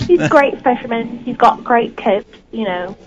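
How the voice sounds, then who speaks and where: A woman's voice: on the high side, lively intonation, moderate pace, highs cut off, a crowd in the background. A woman calling into a live show, hesitant and repeating herself. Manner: hesitant, repeats words, giggly. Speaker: caller. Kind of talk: phone call into a live show.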